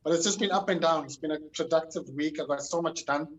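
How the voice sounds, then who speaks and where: A relaxed co-host from South Africa talks through an online show, with a voice a bit higher than most men's. His chat is loose and easygoing, dropping "man" at the end of his sentences. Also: fast, far from the mic. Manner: relaxed, says "man" often.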